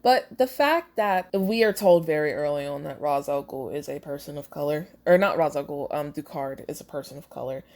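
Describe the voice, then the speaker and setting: A woman's voice: deep voice, a little fast, hardly any pauses, darkish tone. A woman podcast host giving casual, chatty, self-critical commentary while rereading her own fanfiction, with fillers and laughs.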